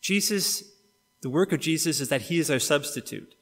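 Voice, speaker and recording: A middle-aged Canadian man preaching a sermon, telling a story and acting out the quotes, getting suddenly quieter or louder and faster or slower. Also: a little high, lively intonation. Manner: storytelling with acted-out quotes, wide swings in loudness and pace. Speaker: pastor. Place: church sanctuary. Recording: long reverb of a church hall.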